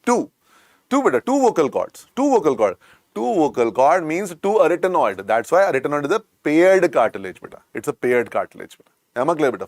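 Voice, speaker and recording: A man with an Indian accent and a croaky voice teaches an online medical lecture, repeating points and coaxing students. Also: a little high, no echo, studio quality. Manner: repetitive, coaxing, calls students "beta".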